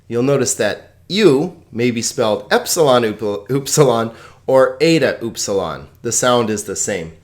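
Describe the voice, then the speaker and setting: Lively middle-aged man teaching Greek. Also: medium pitch, unhurried. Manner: lively, chuckling, enthusiastic explainer. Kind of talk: recorded video lesson.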